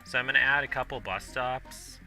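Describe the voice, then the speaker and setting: A man's voice: medium pitch, a little fast, pushed and bright. A young man in his twenties rambling casually with many fillers and restarts while playing a city-building game, hiccuping now and then. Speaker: gaming video host. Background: game music.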